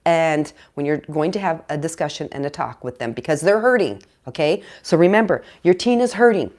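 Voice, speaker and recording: Female parenting host, lower register, very expressive pitch, chatty advice tone. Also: fairly quick. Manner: chatty, animated, acts out parents and teens in quoted voices; peppers talk with "okay?" and "all right?". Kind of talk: casual direct-to-camera advice.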